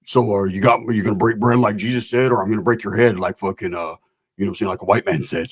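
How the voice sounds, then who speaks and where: A man's voice: fairly low pitch, steady tone, fast talker, slightly rough, voice pushed down. A man voicing a laid-back drug-dealing man who drawls and keeps calling everyone brother. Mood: scheming.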